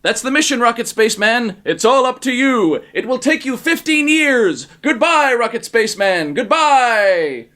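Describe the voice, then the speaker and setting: A man voicing a smooth, scheming male world president in a comic audiobook reading, talking soothingly. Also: high-pitched, animated, a little slow. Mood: rallying. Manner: soothing, smooth, then loud rallying.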